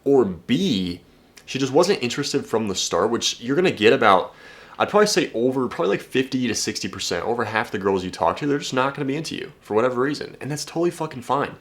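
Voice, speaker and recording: A young man talking casually to camera as a dating coach, blunt and energetic, swearing freely and restarting his sentences. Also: medium pitch, fast talker. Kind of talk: casual direct-to-camera talk.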